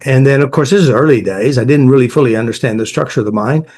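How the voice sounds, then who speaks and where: A man who coaches people in emotional therapy explains his ideas through client stories. His voice is medium-pitched, quick and slightly mellow, and his delivery is direct and repetitive, listing points in short bursts.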